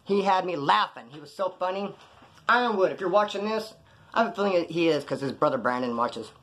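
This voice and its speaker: Recalling his jail time, a man from California talks casually and profanely, drifting from point to point and performing others' lines. His voice is high, expressive, fairly quick and fairly bright.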